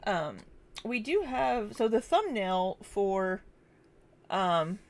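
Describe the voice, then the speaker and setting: A young woman hosts a casual livestream from her home kitchen, greeting viewers in a chatty, easily distracted way. Her mid-pitched voice has a noticeable gravelly fry running through it. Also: sing-song, extremely slow. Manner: chatty, distracted, reads viewer names aloud. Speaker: livestream host. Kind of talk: casual livestream chat reading super chats.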